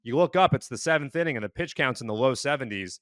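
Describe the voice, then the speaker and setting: A man hosting a casual sports podcast, recapping numbers in a steady, measured way. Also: medium pitch, no echo, studio quality. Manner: steady, stat-heavy recapping. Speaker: podcast host.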